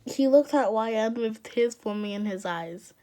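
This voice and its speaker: A woman's voice: on the high side, moderate pace, mellow. A woman reading fan fiction aloud in an emotional way, stopping to laugh and apologize.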